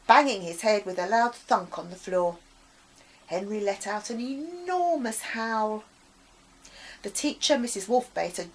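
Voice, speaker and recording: Brief: woman storyteller, expressive children's book reading, middle pitch. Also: breathy edge, rough recording. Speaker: author reading her book.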